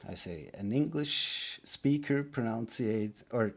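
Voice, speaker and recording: A man with a Swiss German accent teaches pronunciation in a loose, unscripted way. His voice is husky and sits in a middle range. He stops often with fillers and restarts his sentences. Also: mid-range voice, expressive, takes it slowly. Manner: hesitant, many fillers and restarts. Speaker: language teacher. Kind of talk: casual online lesson.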